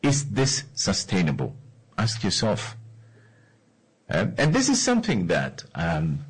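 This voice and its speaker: Male host, deep husky voice, animated solo commentary to listeners. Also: slow, poor audio. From Namibia. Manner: repeats key phrases, asks the listener questions. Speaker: radio or podcast host.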